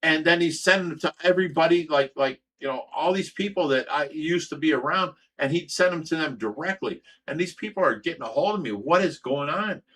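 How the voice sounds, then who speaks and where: Fired-up man with a higher voice. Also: a little fast, hardly any pauses, a bit bright. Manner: heated, profane storytelling. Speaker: host. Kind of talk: livestream chat.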